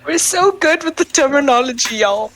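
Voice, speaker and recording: A woman playing a tabletop game, bubbly and quick to gasp and laugh as she narrates her character's actions. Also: high voice, animated, a bit bright, soft background music, rough recording. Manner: bubbly, gasps and laughs often. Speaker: player.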